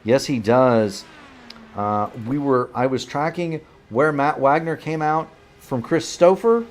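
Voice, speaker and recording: A man's voice: medium pitch, takes it slowly, a little hiss or hum. A man calls a sim racing broadcast play-by-play with the hiccups. He rambles and corrects himself mid-sentence, his voice sitting in a middle register. He keeps apologizing and pushing on with the call. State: has the hiccups. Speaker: play-by-play commentator.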